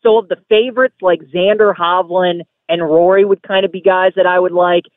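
A man's voice: sits high, fairly even intonation, brisk, no echo. A man calling in as a sports betting guest, talking in an upbeat, eager way. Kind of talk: casual call-in chat. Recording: tinny phone line.

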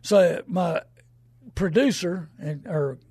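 Radio host guy, kinda high voice, husky and raspy, rambles on folksy and emphatic, dry close mic. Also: lively intonation, slow, mellow, no room sound. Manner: rambling, emphatic, acts out quoted people. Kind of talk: folksy radio talk monologue.

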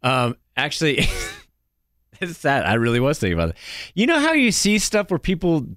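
A man's voice: on the high side, wildly swooping pitch, normal speed, fairly bright tone, dry recording, clean studio sound. A man co-hosting a radio show, joking around in a self-deprecating way. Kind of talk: casual radio chat.

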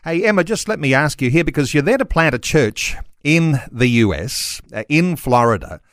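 A man's voice: on the high side, expressive, normal speed, no room sound, clean studio sound. A man hosting a live radio interview, asking long, winding questions full of hesitations. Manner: rambling questions with many uh fillers. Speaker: radio host. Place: radio studio.

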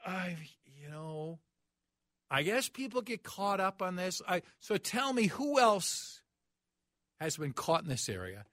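A man's voice: sits high, big pitch swings, unhurried, fairly bright tone, no echo, studio quality. A man hosting a sports talk radio show, ranting in a mocking, incredulous way.

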